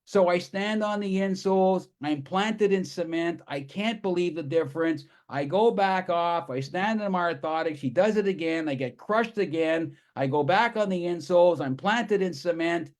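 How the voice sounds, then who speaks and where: A man talks to an audience in an enthusiastic, storytelling way. His voice sits a little higher than most men's. He runs through his points with eager energy. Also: normal speed, hardly any pauses. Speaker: presenter. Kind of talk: live presentation to an audience.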